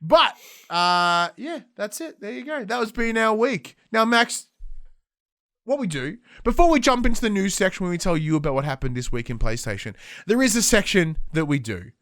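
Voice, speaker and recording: Australian man, podcast host, casual chat, smooth clear voice, dry close sound. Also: sits high, moderate pace, no room sound. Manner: animated storytelling with acted-out quotes.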